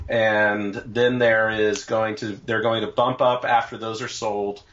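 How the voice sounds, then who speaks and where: A man's voice: lowish voice, level tone, a little slow, a bit bright. Man explaining plainly. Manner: plain, informative, explaining details. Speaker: guest, event organizer. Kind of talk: casual podcast chat. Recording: dull lo-fi audio.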